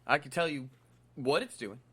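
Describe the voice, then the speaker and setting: A man's voice: mid-range voice, moderate pace, a bit bright, husky. A man making sarcastic, dry quips in casual podcast chat. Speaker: podcast co-host.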